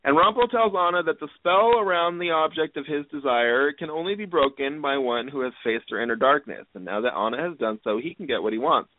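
A man's voice: on the high side, a little fast, hardly any pauses, no echo. A man co-hosting a podcast, chatty and playful as he recaps a TV episode at length. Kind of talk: casual podcast chat. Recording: tinny phone-like line with faint hiss.

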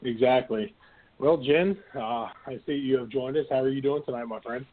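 A man's voice: mid-range voice, moderate pace, slight background noise. A man hosting a casual combat sports podcast, easygoing and chuckling as he talks. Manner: easygoing, chuckling, many fillers. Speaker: host. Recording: phone-like narrow sound.

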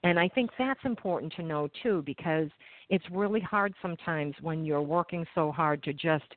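A host in a conversational interview, speaking in a reflective, encouraging way that is slightly halting at times. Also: mid-range voice, no echo. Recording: dry phone-like call audio.

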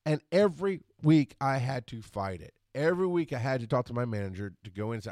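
A man hosting a solo podcast, ranting with frustration and profanity, rushing his words and then reining himself in. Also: mid-range voice, sing-song, darkish tone, no echo, studio quality. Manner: frustrated, profane, talks fast then slows down. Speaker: podcast host.

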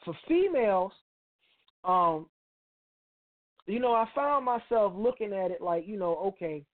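A man's voice: sits high, lively intonation, measured pace. Middle-aged man, blunt and profane, street slang, radio host monologue, tinny phone-like sound. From Chicago, United States. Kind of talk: opinionated monologue.

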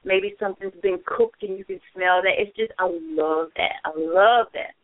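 A woman's voice: medium pitch, moderate pace, no echo. A woman co-hosting a casual chat, gushing and repeating phrases, often laughing. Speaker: co-host. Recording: tinny phone line, dry.

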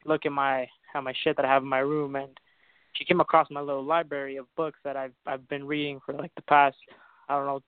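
A man's voice: medium pitch, level tone, a little fast, smooth, dry recording. A man calling in to an advice show, speaking hesitantly with many fillers. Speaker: caller. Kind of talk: call-in question. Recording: dry phone line.

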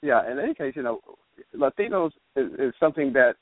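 A man, a political theorist as guest, explaining in a measured way and often checking with "right?". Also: mid-range voice, lively intonation, no room sound. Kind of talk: explanatory interview talk. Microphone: phone. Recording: tinny dry phone line.

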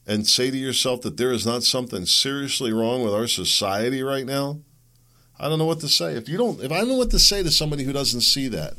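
A man's voice: medium pitch, a bit bright. A man hosting a solo commentary podcast, talking in heated rants full of repeated words and self-interruptions, sometimes mocking the other side in sarcastic asides. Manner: sarcastic, mimics opponents. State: coughing. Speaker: show host.

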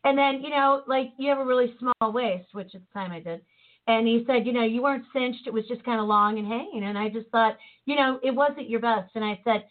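A woman hosting a podcast in casual chat, telling a story in a lively way and acting out the voices of the people in it. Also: fairly high pitch, brisk. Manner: animated storyteller, acts out quoted voices. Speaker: podcast host. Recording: tinny phone-like line.

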